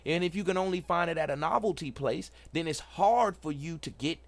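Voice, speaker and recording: A middle-aged man hosts a casual livestream tech talk. He is excited and preachy, repeats himself and talks to the chat. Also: on the high side, brisk. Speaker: host.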